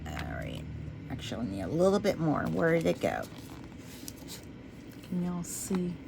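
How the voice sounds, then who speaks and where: A woman chatting casually to her viewers as she works on a craft project. She talks to herself while she works and drifts into low, quiet talk when she concentrates. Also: huge pitch swings, unhurried, vocal fry, noisy background. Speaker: resin craft vlogger.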